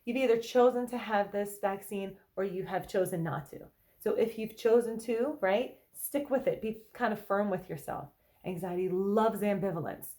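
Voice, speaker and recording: A woman's voice: medium pitch, moderate pace, mellow. A woman therapist talking casually to viewers, often checking in with "okay?" and "right?" and acting out anxious thoughts. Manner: acts out anxious inner thoughts in quotes. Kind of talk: casual explanatory talk to viewers.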